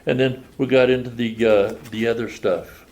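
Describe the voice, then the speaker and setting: A man's voice: mid-range voice, fairly even intonation, moderate pace, darkish tone. An older man telling his recovery story at a meeting, plain-spoken and folksy. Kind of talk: personal testimony at a meeting. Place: meeting room.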